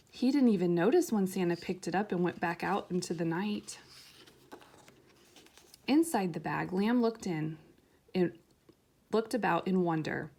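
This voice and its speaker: A woman reading a children's picture book aloud in a gentle, soft, unhurried way. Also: medium pitch. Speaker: storyteller.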